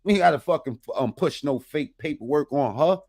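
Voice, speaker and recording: Man, reaction commentator, slightly high voice, swears constantly, street slang. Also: expressive, moderate pace, darkish tone. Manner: blunt, heavy swearing, rambling street talk. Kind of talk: profane casual reaction commentary.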